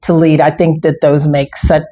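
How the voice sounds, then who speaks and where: A woman with a somewhat low voice hosts an interview. She asks questions chattily and keeps up a stream of affirming reactions. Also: little pitch movement, normal speed, dark tone, slight background noise. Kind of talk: interview conversation.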